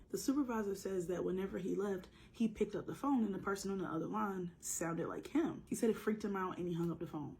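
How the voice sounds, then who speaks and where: A woman's voice: on the low side, fairly quick, dark tone, slight background noise. A woman with a sore throat telling a scary story in a casual, joking way with slangy asides.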